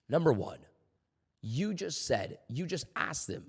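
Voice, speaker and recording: A man's voice: medium pitch, big pitch swings, moderate pace, a little mellow, big-room sound. A man coaching on cold calling in an emphatic motivational talk, repeating his key points and swearing casually. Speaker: sales coach.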